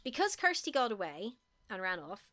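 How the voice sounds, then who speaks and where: A woman's voice: mid-range voice, sing-song, moderate pace, pushed and bright. A woman co-hosting a podcast, chatting casually and rambling with dry humour. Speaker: podcast co-host. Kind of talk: casual chat.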